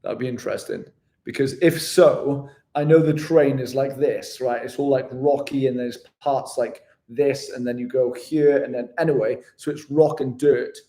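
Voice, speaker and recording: A chatty man, working through viewer questions live in a loose, casual way. His voice sits at an ordinary middle pitch, and he is easygoing and self-deprecating, calling everyone "mate". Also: steady tone, normal speed, mellow. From West Yorkshire, England. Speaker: vlogger answering viewer questions.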